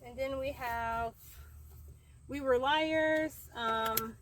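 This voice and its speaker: A woman's voice: high-pitched, drawn-out words, fairly bright tone, slight background noise, poor audio. A young woman vlogging outdoors in the heat, chatty and rambling with fillers, somewhat out of breath. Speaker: book vlogger. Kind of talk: casual chat. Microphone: camera framing herself.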